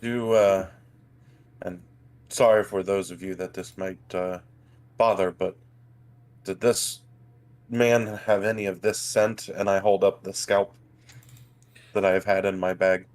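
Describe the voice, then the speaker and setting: Brief: low-voiced male player, hesitant. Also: steady tone, measured pace, pauses often, a little mellow. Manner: hesitant, with fillers. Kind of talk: casual tabletop game play.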